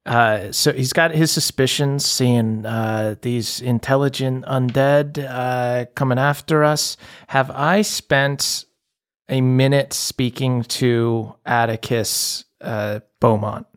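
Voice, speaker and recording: A man's voice: medium pitch, steady tone, takes it slowly. Thoughtful man at a game table. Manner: thoughtful, hesitant, with many fillers. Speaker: player.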